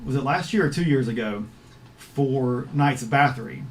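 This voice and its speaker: A man hosting a casual livestream chat over a video call, speaking in an easygoing, halting way with lots of filler words. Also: medium pitch, slight background noise. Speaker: host of a filmmakers' livestream.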